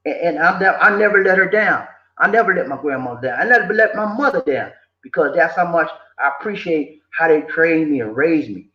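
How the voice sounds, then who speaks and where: Older guy, high pitched, preachy life-advice vlogger, echoey room, muffled lo-fi. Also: fairly quick. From southern United States. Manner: preachy, animated, repeats himself, slips in quoted voices. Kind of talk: casual motivational talk. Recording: echoey room, dull lo-fi sound.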